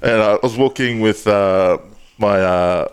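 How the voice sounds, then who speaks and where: A man's voice: lowish voice, a little slow, clean tone. A man co-hosting a podcast, telling stories in a laid-back way, swearing freely and laughing often. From Pacific Islander heritage. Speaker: podcast co-host. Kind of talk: casual podcast chat.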